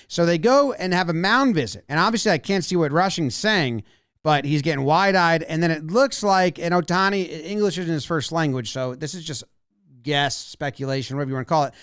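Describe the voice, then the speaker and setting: A man giving an animated video breakdown of a baseball game, acting out what the players might be saying. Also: on the high side, no room sound, clean studio sound. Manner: animated, acts out players' imagined lines.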